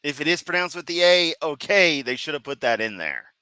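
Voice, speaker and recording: A man's voice: a little high, sing-song, fairly quick, bright, forceful tone, clean tone, no echo, rough recording. Sarcastic, foul-mouthed male commentator. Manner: sarcastic, mocking, swears constantly. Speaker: commentary streamer. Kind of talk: profane sarcastic reaction commentary.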